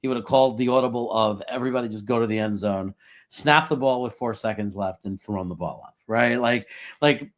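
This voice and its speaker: A man co-hosting a casual sports chat, animated, chuckling often and talking in long run-on thoughts. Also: medium pitch, fairly quick. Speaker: podcast co-host.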